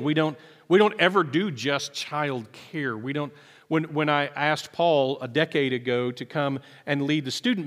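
A man's voice: on the high side, a bit bright, long reverb tail. A man preaching a sermon as pastor, earnest and often repeating words as he starts a sentence. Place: church sanctuary.

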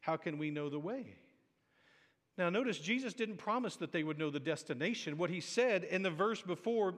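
A man's voice: high-pitched, expressive, normal speed. A man preaching a sermon as pastor, conversational and joking, building to emphatic peaks. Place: church sanctuary. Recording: hall reverb.

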